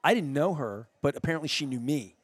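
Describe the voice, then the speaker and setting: A middle-aged radio host interviews someone in a restaurant, his voice on the high side, slightly rough, quick and lively in intonation, with no echo. In casual interview chat, he tells a long story loosely and ramblingly, restarting often.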